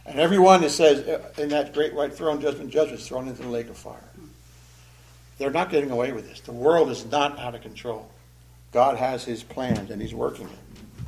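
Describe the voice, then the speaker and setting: A man's voice: medium pitch, normal speed, vocal fry, darkish tone, slight background noise. A man preaching a sermon in an earnest, emphatic way, pressing hard on key phrases. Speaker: pastor.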